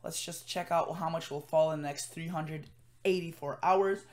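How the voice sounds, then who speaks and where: A man's voice: on the high side, fairly even intonation, moderate pace. A tired man giving a casual weather forecast from home, rambling with many fillers and self-corrections. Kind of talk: casual forecast commentary over screen.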